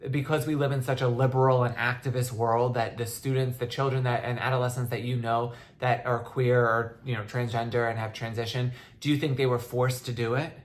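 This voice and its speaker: A woman's voice: rumbling low, fairly even intonation, a little fast, few pauses. A young woman hosting a podcast, talking in a casual, impassioned way with many restarts, at times close to tears. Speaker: podcast host. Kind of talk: casual monologue.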